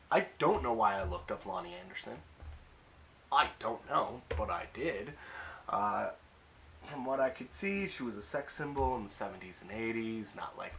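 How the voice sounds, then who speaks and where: A man's voice: lowish voice, gravelly, fairly bright tone, a little hiss or hum, poor audio. A young man recapping a TV episode in a casual, rambling way, full of fillers and wry offhand asides. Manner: rambling, hesitant, many fillers. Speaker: YouTube recap reviewer.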